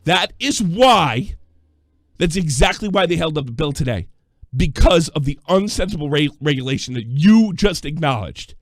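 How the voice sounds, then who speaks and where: A male call-in show host yelling and swearing at callers in a combative, profane rant. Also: fairly high pitch, expressive, moderate pace, dry recording, studio quality.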